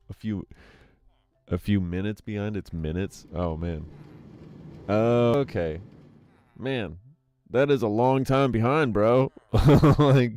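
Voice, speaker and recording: Low-voiced young man chatting through a game. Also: darkish tone, a little hiss or hum. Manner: rambling, chatty, talks to a friend on call. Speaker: gaming streamer. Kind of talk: casual let's-play chat. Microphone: desk microphone.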